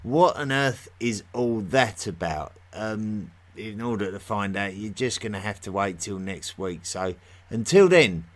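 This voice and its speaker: A man's voice: lowish voice, unhurried, hardly any pauses, a bit bright. A man from near London with a London accent, hosting a podcast and chatting casually through listener mail with plenty of fillers and restarts. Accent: London English. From England, near London. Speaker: podcast host.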